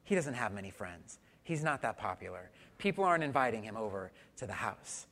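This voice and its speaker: A man's voice: fairly low pitch, sing-song, fairly quick, hardly any pauses, fairly bright tone. A man preaching a conversational sermon, telling stories and asking the congregation questions. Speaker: pastor.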